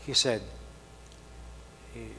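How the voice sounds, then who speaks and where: A middle-aged man, preaching a sermon, telling a story and swinging between loud emphasis and soft asides. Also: drawn-out words. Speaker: pastor. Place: church hall. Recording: faint hum, long hall reverb.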